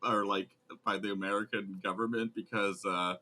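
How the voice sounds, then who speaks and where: A man's voice: on the low side, little pitch movement, moderate pace, sharp tone. A man co-hosting a casual podcast, laughing often and swearing freely as he chats. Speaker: podcast co-host.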